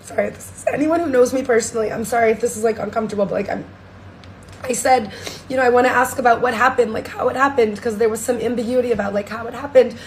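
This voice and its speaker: A young woman giving a candid, excitable vlog testimonial, swearing freely as she talks. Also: a little high, fast. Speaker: social media creator.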